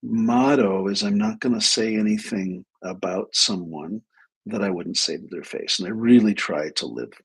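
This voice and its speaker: A middle-aged man hosting a live advice stream, telling a story from his clinical work with animated asides. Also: fairly low pitch, normal speed, gravelly, breathy edge. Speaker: host, clinician.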